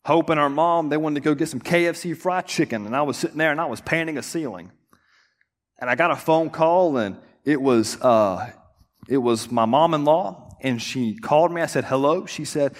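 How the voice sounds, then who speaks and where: Young guy pastor preaching, kinda high voice, tells stories and does the voices, long echo in the church. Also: moderate pace. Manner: storytelling, animated, acts out quotes. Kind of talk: sermon. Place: church sanctuary. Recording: long hall reverb.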